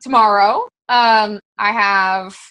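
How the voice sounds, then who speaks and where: A woman's voice: mid-range voice, takes it slowly, bright, forceful tone, no echo, poor audio. A woman coaching fellow fitness coaches in a casual, very conversational way, full of fillers. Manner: very conversational, chatty with many fillers.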